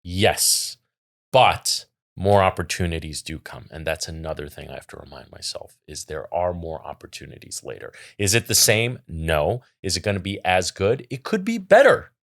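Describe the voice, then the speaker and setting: A man's voice: low voice, moderate pace, creaky, a bit bright. A middle-aged man co-hosting a casual podcast, giving earnest advice and reading out viewer questions. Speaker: podcast co-host. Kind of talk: casual chat.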